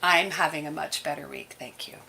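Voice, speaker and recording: A woman's voice: deep voice, fairly quick, creaky, a crowd in the background. A woman co-hosting a live music show, a local musician, bubbly and giggly as she chats. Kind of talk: casual live show chat.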